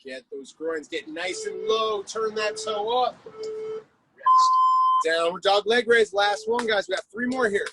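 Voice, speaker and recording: A man's voice: high-pitched, measured pace, very noisy. A man coaching a live-streamed workout class, calling out exercises, cues and countdowns with lots of energy. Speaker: fitness coach.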